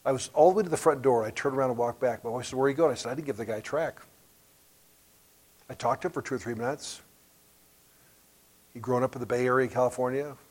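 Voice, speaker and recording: A man in his sixties preaching a sermon as a guest preacher, telling stories and building to sudden emphatic rises in loudness. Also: mid-range voice, fast talker, long pauses.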